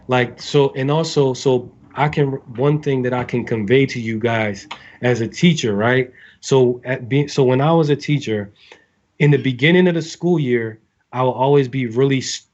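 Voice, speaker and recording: Man, navy sailor, casual advice talk, loose and rambling, middle pitch, slightly muffled recording. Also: a little mellow. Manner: rambling, full of fillers and restarts. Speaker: navy sailor speaking to recruits.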